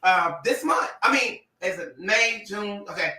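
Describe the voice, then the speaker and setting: Bright, animated man talking on a livestream. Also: high-pitched, unhurried, reverberant, recorded from a distance, poor audio. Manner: animated and sassy, laughing often. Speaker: social media personality on a livestream. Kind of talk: casual livestream talk to followers.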